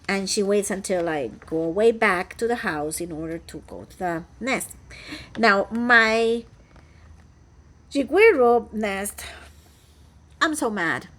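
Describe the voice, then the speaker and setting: Her tone fairly bright and her pitch fairly high, a cross-stitch vlogger from Costa Rica chats to camera at home. She's talkative and rambling, often restarting and using fillers.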